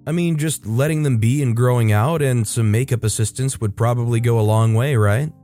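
A man's voice: medium pitch, brisk, warm tone. A man reading stories aloud, with casual, wry comments between them. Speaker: narrator and commentator. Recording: faint background music.

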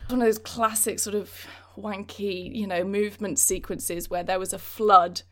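A woman's voice: mid-range voice, steady tone, moderate pace. A young adult woman hosting a casual chat, playful and teasing, laughing often. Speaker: host.

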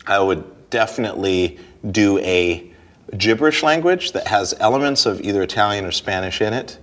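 Deep-voiced man, rambling and laughing. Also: expressive, moderate pace, fairly bright tone. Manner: rambling, self-interrupting, laughs easily. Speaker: guest, stage performer. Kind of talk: casual interview conversation.

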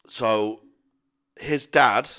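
A man's voice: mid-range voice, very slow, bright, forceful tone. A young man telling sweary, rambling stories in casual chat as a podcast co-host. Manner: sweary, rambling anecdotes with self-mocking laughs.

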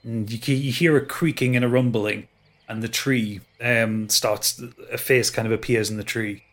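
A man's voice: medium pitch, fairly even intonation, moderate pace, a bit bright. A man narrating a tabletop game as game master, describing scenes in a rambling, hedging way.

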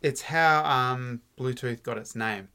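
Bright-voiced man telling stories. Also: mid-range voice, slow, clean tone. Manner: relaxed anecdotal storyteller, laughs easily. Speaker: podcast host. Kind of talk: casual storytelling.

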